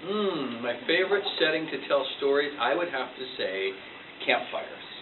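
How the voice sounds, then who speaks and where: A man's voice: mid-range voice, normal speed. A man who tells stories for a living, answering a child's questions in a casual, playful interview in a school library. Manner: playful, animated storyteller. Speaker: storyteller being interviewed. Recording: tinny, distant, echoey and noisy.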